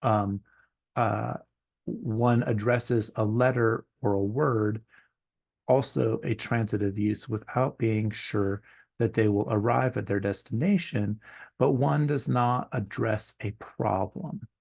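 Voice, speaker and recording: Low gravelly man, halting lecture delivery. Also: fairly even intonation, a little mellow, dry recording. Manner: hesitant, many ums and uhs, thinking aloud; slows down on quoted examples. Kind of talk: recorded university lecture.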